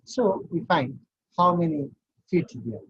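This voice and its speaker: A man's voice: fairly high pitch, unhurried, husky, dull audio. A man giving an online university class, explaining step by step and counting things out. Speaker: university lecturer.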